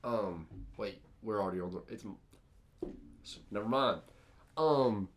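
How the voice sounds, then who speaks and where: A young man co-hosting a relaxed podcast with friends. His voice sits a bit low, and he tells stories with plenty of hype and sudden energy. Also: slow. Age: young adult. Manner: excitable storyteller, lively and hype-driven. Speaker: podcast co-host. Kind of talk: casual podcast chat.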